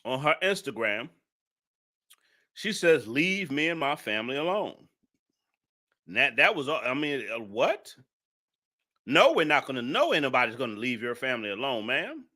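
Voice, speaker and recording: A man's voice: mid-range voice, sing-song, moderate pace, long pauses, sharp tone. A man giving live-stream commentary, emphatic and repeating his points with indignant rhetorical questions.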